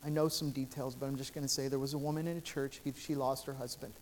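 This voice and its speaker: A male pastor preaches a sermon in a church sanctuary, telling stories earnestly and repetitively with frequent restarts. His medium-pitched, darkish voice has little pitch movement and a quick pace, with a little hiss or hum.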